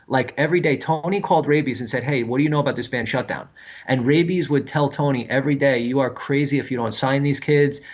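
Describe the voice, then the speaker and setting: A man, telling stories as a guest in a casual interview and acting out the voices of the people he quotes. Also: mid-range voice. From Brooklyn, New York. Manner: animated storyteller who acts out quoted dialogue. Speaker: guest musician. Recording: slightly dull lo-fi sound.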